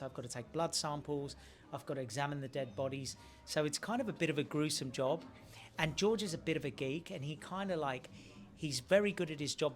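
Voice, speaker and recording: Chatty and friendly, an Australian actor with a slightly high voice answers questions in a casual press interview, often restarting his phrases.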